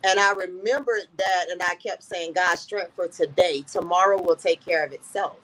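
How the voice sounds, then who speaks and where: A woman's voice: lowish voice, moderate pace, a bit bright, poor audio. A woman guest in an interview, earnestly telling a personal story and often repeating "I said" as she recounts conversations.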